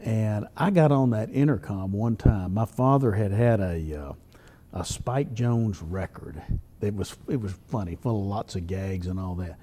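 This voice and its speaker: Older man, husky mellow voice, lively folksy storytelling. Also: fairly low pitch. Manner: folksy, drawn-out storytelling with chuckles. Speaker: newspaper columnist and humorist. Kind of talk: storytelling interview answers.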